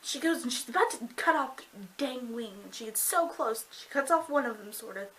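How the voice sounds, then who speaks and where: Bubbly, gushing young woman, bright voice. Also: on the high side, brisk, slight background noise, rough recording. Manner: gushing and excitable, heavy use of "like". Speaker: book reviewer. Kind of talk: casual book review vlog.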